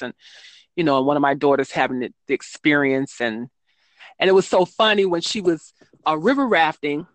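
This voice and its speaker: A woman's voice: low voice, dry recording. Rambling woman author, dry close sound. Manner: rambling, frequent ums and self-corrections. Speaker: children's book author, guest. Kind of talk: casual interview talk.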